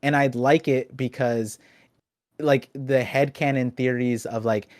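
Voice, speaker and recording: A young adult man hosting a casual podcast chat, talking in an animated, rambling way with lots of restarts. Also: mid-range voice, measured pace, no room sound, studio quality. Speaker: podcast host.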